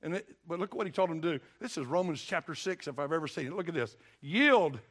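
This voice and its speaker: A man's voice: fairly high pitch, fast talker. An older man preaching a sermon as pastor, with a folksy, emphatic delivery that keeps calling on the congregation to respond. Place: church sanctuary.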